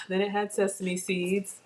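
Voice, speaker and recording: A woman's voice: mid-range voice, flat delivery, slow pace. Middle-aged woman, cooking livestream host, chatty, reads comments aloud, home kitchen, faint background noise. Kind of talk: casual livestream chat.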